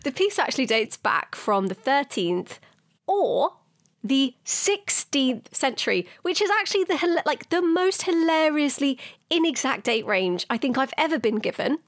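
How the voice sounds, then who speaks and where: A woman's voice: high-pitched, expressive, moderate pace, no room sound, clean studio sound. A young woman co-hosting a podcast in casual chat, giggly and self-mocking. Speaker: podcast co-host.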